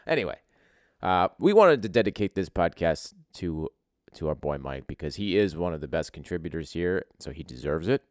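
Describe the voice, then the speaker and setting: A man's voice: deep voice, moderate pace, no echo, clean studio sound. A man hosting a casual podcast, telling a crude, joking story full of swearing. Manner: profane, joking, animated. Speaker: podcast host.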